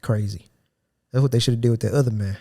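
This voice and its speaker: A man's voice: mid-range voice, steady tone, quick pace, dark tone. Slangy young man telling a work story. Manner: loose, slang-heavy, acts out coworkers' lines. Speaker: podcast host. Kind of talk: casual storytelling chat.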